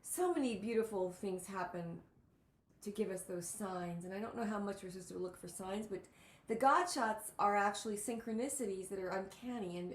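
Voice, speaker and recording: A woman hosts a casual talk show and tells her stories with animated exclamations. Her voice sits in a middle range, and the recording carries a roomy echo. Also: medium pitch. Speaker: host. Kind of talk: casual storytelling chat.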